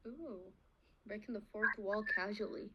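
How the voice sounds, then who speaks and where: A woman's voice: medium pitch, a little slow, lo-fi sound, a little hiss or hum. A woman on the team who chimes in with dry, wry remarks during a casual Q&A. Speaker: team member. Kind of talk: casual banter.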